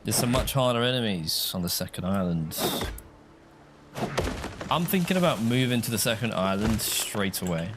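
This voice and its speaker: Man, casual game stream chatter, rambling, low-pitched, faint noise. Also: expressive, moderate pace. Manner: chatty, rambling, reads chat aloud.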